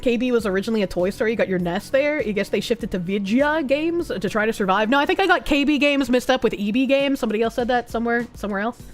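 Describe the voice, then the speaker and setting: Young woman streaming, highish voice, sarcastic and sweary, soft music behind. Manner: sarcastic, swears freely, laughs often. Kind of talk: casual live-stream reaction, reading news and chat aloud.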